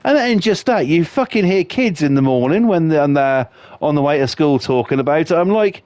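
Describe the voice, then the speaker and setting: A man's voice: on the high side, expressive, a little fast, darkish tone, no echo. A man live-streaming a game, ranting about football and reading chat with constant swearing. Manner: profane, ranting, heavy swearing.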